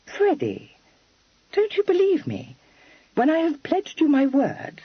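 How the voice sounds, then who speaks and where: A spirited young lady, voiced by a man narrating the storybook, coaxing and earnest, her lilting voice climbing high and swooping widely. The tone is a touch husky, and the recording is slightly dull and very dry. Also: wildly swooping pitch, moderate pace, no room sound, heavily acted. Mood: reproachful. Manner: high, lilting, prim formal phrasing.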